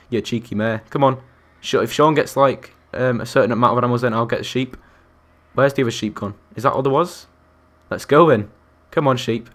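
A young man commentating his Minecraft survival game, chatty and excitable, talking to the animals and to his viewers. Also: medium pitch. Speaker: gaming YouTuber. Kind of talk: Minecraft let's-play commentary.

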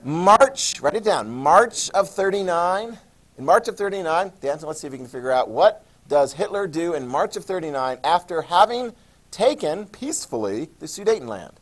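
A man teaching a history class, lecturing in an animated way and quizzing students. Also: on the high side, moderate pace. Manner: animated, acts out countries in jokey voices; asks the class questions.

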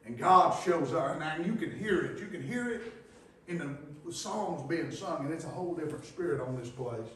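A male pastor preaching a sermon in a church, moving from quiet scripture reading to loud, fervent exhortation with folksy grammar. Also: on the high side, lively intonation, normal speed, distant mic, slight background noise. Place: church sanctuary. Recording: very echoey church hall from afar.

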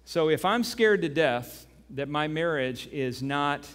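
A man preaching a sermon as pastor. He tells a story with animation and then turns quiet and earnest. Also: fairly high pitch, expressive, slow. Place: church sanctuary. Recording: long reverb of a church hall.

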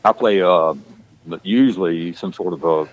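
Casting note: very deep Georgia man, halting guest speech. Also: poor audio. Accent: Georgia Southern US. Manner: halting, repeats words. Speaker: actor, guest. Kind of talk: casual chat.

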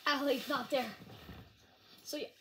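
A woman talking casually to camera in a rambling, halting apology vlog. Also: high-pitched, steady tone, fairly bright tone, slight background noise. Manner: rambling, halting, with frequent restarts. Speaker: vlogger. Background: dog nearby.

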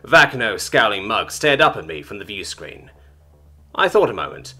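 A man's voice: on the low side, very animated, moderate pace, pushed and bright. A man narrating a first-person sci-fi story in a wry, casual, sarcastic way.

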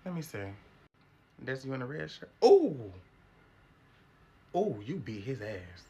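A man's voice: big pitch swings, measured pace, dark tone, slightly rough, exaggerated voice. A man voicing a stern, no-nonsense woman teacher running in-school suspension, scolding students in a sassy tone. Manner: scolding, sassy, low-key.

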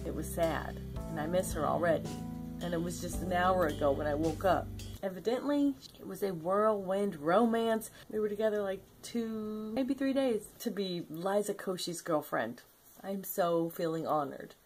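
A woman's voice: fairly low pitch, moderate pace, over music. An older woman vlogging in a casual, playful storytelling way, laughing often.

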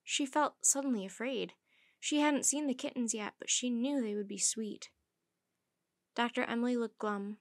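Woman storyteller, children's book read-aloud, gentle, fairly high voice, dry close sound. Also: normal speed, no echo.

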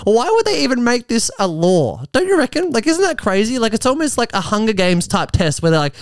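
A man with a very high-pitched voice talks a little fast with few pauses as he reads articles aloud on his podcast. He's jokey and animated, putting on mock voices, and the apartment recording has no room sound.

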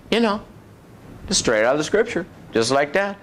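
A man preaching, telling his own testimony as animated storytelling with frequent chuckles. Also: on the high side, normal speed, pauses often. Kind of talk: testimony sermon.

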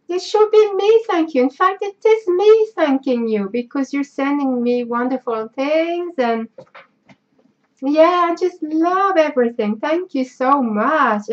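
A woman with a French accent chats through an unboxing vlog, sentimental and effusive in her thanks. She talks unhurriedly in a somewhat high voice. The recording sounds dull and lo-fi. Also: animated, slow. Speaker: craft vlogger. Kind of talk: casual unboxing chat.

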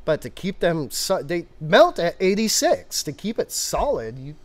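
A man chatting casually on a brewing livestream. His voice sits a little high, and his delivery is animated and rambling, full of asides and self-corrections. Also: measured pace. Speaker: brewer and show co-host.

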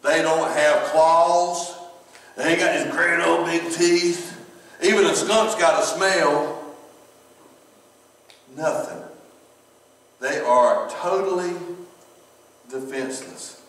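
A man's voice: a little high, takes it slowly, pauses often, fairly bright tone. A middle-aged man with a Southern US accent preaching a humorous sermon, folksy, laughing often and repeating words. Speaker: pastor. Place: church sanctuary. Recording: echoey hall from far off.

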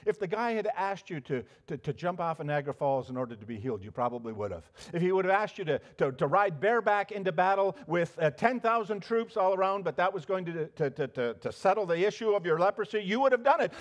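A male pastor preaching a sermon, telling a story with animated emphasis and frequent restarts. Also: sits high, fast, hardly any pauses.

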